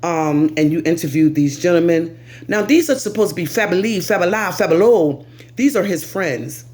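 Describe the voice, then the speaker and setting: An American woman vlogger giving lively, animated commentary straight to camera. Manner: animated, lively, pitch swings, talks straight to viewer.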